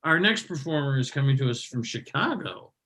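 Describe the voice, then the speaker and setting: A middle-aged man hosting a comedy show, teasing the comics and often breaking into loud laughter. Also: mid-range voice, expressive, fairly quick, rough recording. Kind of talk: bantering comedy host.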